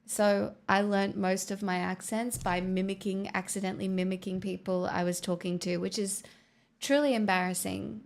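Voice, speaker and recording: A young woman with an Australian accent chatting to her live stream viewers, answering their comments in a flat, tired way with self-mocking jokes. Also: medium pitch, normal speed, gravelly. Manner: flat, tired delivery with joking self-mockery. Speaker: livestreamer. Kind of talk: casual live chat reading comments.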